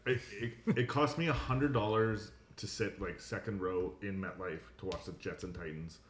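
A man chatting on a podcast, animated and quick to laugh as he tells a story. His voice sits a little low, and the room around him echoes. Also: slight background noise. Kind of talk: casual podcast chat.

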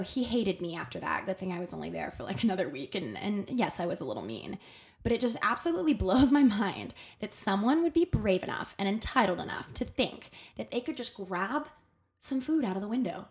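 Young woman, podcast guest, casual storytelling, animated, lots of fillers, middle pitch. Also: normal speed. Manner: animated, full of "like" fillers, acts out quoted voices.

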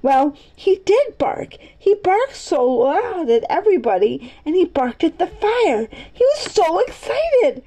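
Earnest boy telling secrets in a storybook, lively voice, woman reading it. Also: extremely high pitch, a little slow, hardly any pauses, voice pushed up, exaggerated voice, low-quality recording.

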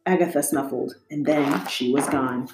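A woman reading a children's storybook aloud in an expressive, sing-song way. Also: low-pitched, moderate pace, echoey room, soft background music.

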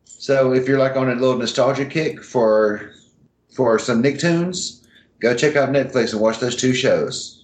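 A man's voice: medium pitch, unhurried. Man, podcast co-host, laid-back, dry teasing, echoey room sound. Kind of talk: casual podcast chat. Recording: roomy echo.

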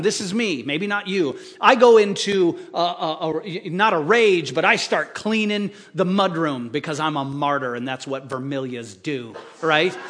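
A male pastor with a fairly high voice delivering a sermon. He keeps it animated and conversational, tossing rhetorical questions out to the congregation as he goes.

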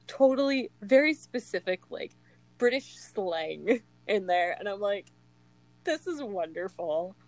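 A woman's voice: medium pitch, darkish tone, no room sound, low-quality recording. A young woman chatting casually about a book she loves, gushing, laughing often and filling her talk with "like". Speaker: co-host of a book discussion. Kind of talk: casual chat.

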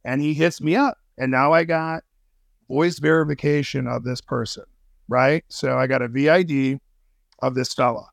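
A man's voice: medium pitch, moderate pace, gravelly, no room sound. A man as a podcast guest in casual interview chat, slangy and profane, with many fillers and restarts. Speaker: podcast guest, intelligence analyst.

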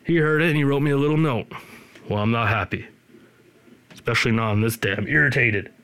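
Hosting a podcast, a man in his thirties or older rambles through a casual chat, dropping sarcastic, joking asides. His voice is medium-pitched and a bit bright, and he speaks briskly.

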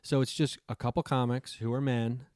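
A man's voice: mid-range voice, fairly even intonation, normal speed, a little mellow, no room sound. A man chatting on a comedy podcast. He tells a long, rambling story and acts out the lines of the people in it. His voice sits in the middle range and sounds dry and close to the mic. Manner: rambling anecdotes with acted-out quotes. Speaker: podcast co-host. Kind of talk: casual storytelling chat.

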